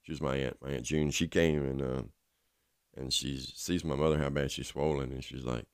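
A man with an extremely low, rumbling voice tells a personal story in a loose, rambling way, with plenty of filler words. The sound is dry and close, with no room around it. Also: steady tone, normal speed, dry recording. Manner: rambling, casual, full of fillers. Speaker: recovering addict telling his story.

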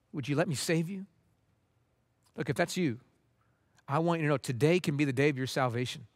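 A man with a fairly high voice delivers an impassioned sermon from the pulpit. The sound is dry and close, with no room around it. He swings from urgent, pleading intensity to soft, hushed appeals. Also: no room sound. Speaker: pastor.

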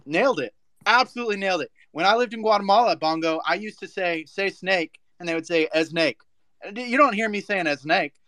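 Sarcastic guy on a voice chat, higher voice, dead dry audio. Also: lively intonation, fast talker, sharp tone, dry recording. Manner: explaining, then teasing and sarcastic. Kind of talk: casual chat.

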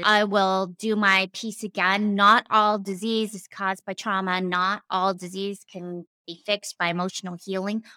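A woman's voice: mid-range voice, pushed and bright, smooth, dry recording. A woman coach and former therapist giving a casual teaching talk, earnest, with emphatic repetitions and casual slang.

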